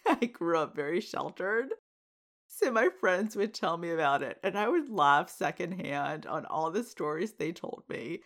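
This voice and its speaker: Chatty, animated woman podcast host. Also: on the low side. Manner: chatty and animated, laughs often, asks listeners direct questions. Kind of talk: casual monologue podcast.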